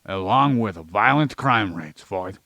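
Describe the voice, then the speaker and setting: A man's voice: lowish voice, animated, takes it slowly, creaky, sharp tone, no room sound. A man co-hosting a podcast, ranting and lecturing about science with plenty of swearing while playing an alien character in his ordinary voice. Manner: plays an alien persona in an ordinary voice. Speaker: podcast co-host. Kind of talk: rambling comedic science chat.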